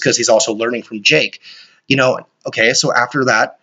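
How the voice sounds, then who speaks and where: Excitable man ranting on a podcast. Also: medium pitch, moderate pace. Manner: excitable, rambling, swears often. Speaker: podcast host. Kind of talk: solo podcast rant. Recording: dull lo-fi recording.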